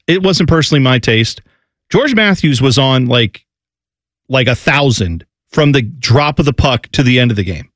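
A man co-hosting a casual sports talk show, opinionated and animated, breaking into loud mock announcer calls. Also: medium pitch, no room sound. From Columbus, Ohio area. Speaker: podcast co-host.

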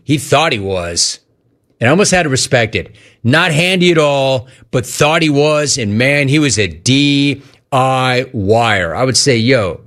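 A man in his fifties hosting a sports talk show, his pitch swinging up and down as he riffs. He leans hard on key phrases and repeats them for effect. The talk stays casual and emphatic. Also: fairly bright tone. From Southern California.

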